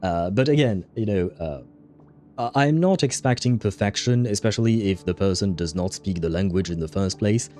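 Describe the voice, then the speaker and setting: Rambling low-voiced male streamer. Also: moderate pace, mellow, soft background music. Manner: rambling, many fillers, frequent laughs. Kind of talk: casual livestream chat reading viewer comments.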